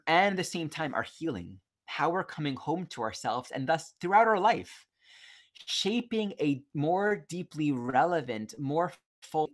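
A man giving a gentle, reflective astrology lesson over a video call, with self-corrections as he goes. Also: medium pitch. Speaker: astrology teacher.

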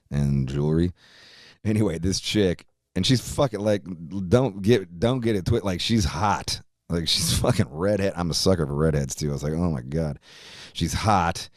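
A man's voice: low voice, darkish tone, no room sound, clean studio sound. A man hosting his own podcast, chatting casually in a rambling way, swearing a lot and laughing often. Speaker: podcast host. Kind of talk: casual profane chat.

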